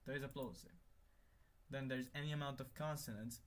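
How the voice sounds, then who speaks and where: A young man live-streaming while he works at his computer, thinking out loud, muttering to himself and swearing when things break. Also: medium pitch, fairly even intonation, brisk. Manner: thinks aloud, mutters, swears, exasperated then laughing. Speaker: conlang streamer.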